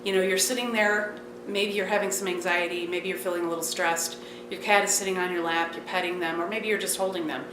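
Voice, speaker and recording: A woman's voice: fairly low pitch, steady tone, a little fast. A woman explaining cat care in a documentary interview, earnest and explanatory with a few fillers. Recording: echoey room with background noise.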